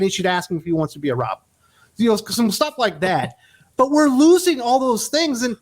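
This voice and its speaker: Lively high-pitched man ranting about comics. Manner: emphatic, animated storytelling. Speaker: podcast host. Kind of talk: casual opinion chat.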